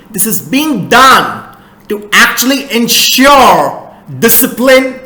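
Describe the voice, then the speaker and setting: Earnest man lecturing slowly. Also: very high-pitched, pushed and bright, reverberant, poor audio. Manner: earnest, repetitive, addresses viewers as friends. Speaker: economics educator. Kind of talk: explanatory lecture on news.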